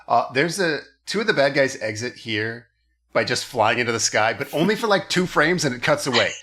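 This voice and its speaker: A man with a bright, forward voice recaps a movie on a comedy podcast. He chats casually and drops into quick silly impressions of the characters. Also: mid-range voice, expressive.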